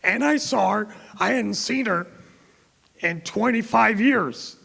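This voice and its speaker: A man's voice: sits high, slow, gravelly, bright, forceful tone. A middle-aged man from Florida giving a keynote speech, telling anecdotes and acting out the dialogue of the people in them. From Tampa, Florida. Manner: anecdotal, quotes others in dialogue. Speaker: keynote speaker. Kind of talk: storytelling speech. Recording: reverberant hall.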